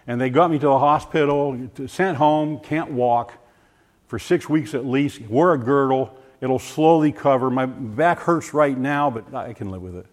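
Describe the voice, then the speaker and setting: An older man giving a personal testimony, animated and full of restarts, acting out voices as he tells the story. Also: medium pitch, moderate pace. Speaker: former science teacher giving a testimony. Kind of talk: personal testimony talk to a group.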